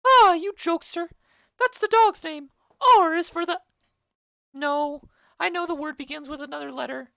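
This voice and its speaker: A woman's voice: very high voice, moderate pace, gravelly, pushed and bright, no room sound, heavily acted. A woman voicing a fussy old nurse who grumbles about her aches and bosses and teases in an amateur play reading. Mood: teasing. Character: fussy old female nurse, teasing and complaining.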